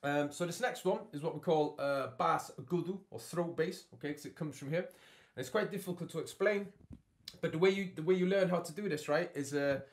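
A man leads an online beatbox lesson from his home studio. His voice sits slightly high and carries a gravelly edge. He keeps his learners with him, checking in with "okay?" after each step. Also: fairly quick. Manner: encouraging, checks in with "yeah?" and "okay?". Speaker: beatbox tutor. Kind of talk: online workshop teaching.

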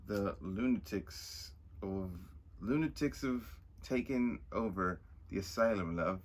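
A man's voice: fairly low pitch, slow. A man voicing a sly, mocking male mutant mastermind in a put-on Scottish-style brogue, read aloud from a comic.

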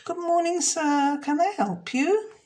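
A woman doing a squeaky little shop girl. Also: animated, measured pace, a little mellow. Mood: polite. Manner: squeaky, breathless and polite. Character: frightened polite little girl shopkeeper.

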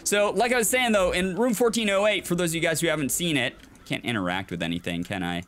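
A man's voice: a little high, animated, quick pace, fairly bright tone. A man hosting a let's play, giving casual gameplay commentary, chatty and jokey, reacting aloud and chuckling often.

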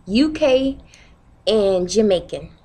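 A woman's voice: mid-range voice, expressive, takes it slowly, warm tone, a little hiss or hum. A woman hosting her own channel, chatting casually to camera in an upbeat way and often checking in with viewers with "okay?". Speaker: vlogger host.

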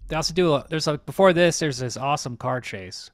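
A man's voice: on the high side, fairly quick, dry recording, clean studio sound. A man co-hosting a podcast, casually recapping a film's plot in long rambling runs. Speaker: podcast co-host. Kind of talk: casual movie recap chat.

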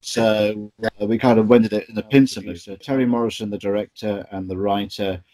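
A man's voice: fairly low pitch, steady tone, brisk, dark tone, no room sound, low-quality recording. A man, a stage actor recalling stories in an interview, chatty with many ums and restarts. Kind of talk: interview anecdotes.

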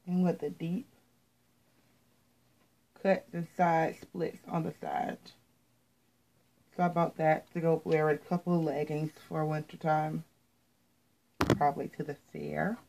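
A woman's voice: low-pitched, flat delivery, takes it slowly, gravelly, pauses often, darkish tone, a little hiss or hum, rough recording. An American woman chatting casually to viewers as she shows off her latest clothing haul, repeating words and often saying "you guys.". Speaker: fashion vlogger.

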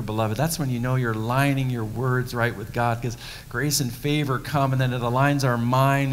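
A man's voice: mid-range voice, slight background noise. A male pastor preaching a sermon in a conversational, emphatic way. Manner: conversational, emphatic, acting out scenes. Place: church sanctuary. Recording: long reverb of a church hall.

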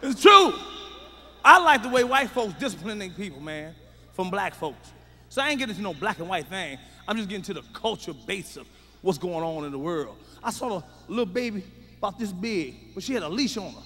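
A middle-aged man tells a stand-up routine in a high, sharp voice, loud, profane and emphatic. His voice rings through a reverberant hall, with faint noise underneath. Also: sing-song, fairly quick. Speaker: stand-up comedian.

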